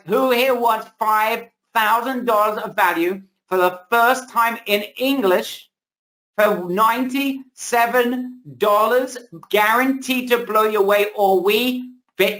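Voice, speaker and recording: A man's voice: high voice, rough recording. Hyped male webinar host selling hard. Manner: energetic, salesy, repeats himself. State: losing his voice. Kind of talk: hyped live sales pitch. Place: home, indoors.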